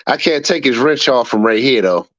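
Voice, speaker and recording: A man's voice: medium pitch, lively intonation, normal speed, fairly bright tone, no echo, dull audio. Casual man hosting a livestream. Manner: laughs often, repeats words, scolds chat. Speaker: livestream host reading chat. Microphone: streaming setup mic.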